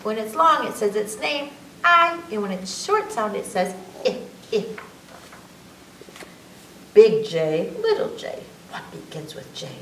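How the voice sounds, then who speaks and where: A woman reading an alphabet book aloud at children's story time, teacherly and lively, drawing out each letter sound. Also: medium pitch, takes it slowly, pauses often. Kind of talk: slow, sing-song children's story time. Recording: echoey room, mic at a distance, faint background hum.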